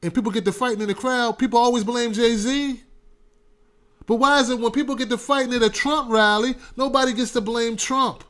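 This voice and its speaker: A man hosting his own call-in talk show, speaking loose, irreverent and full of slang. His voice sits fairly high for a man, and he riffs casually as if chatting with viewers. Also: fairly even intonation, brisk, a bit bright. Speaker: host of a call-in commentary show.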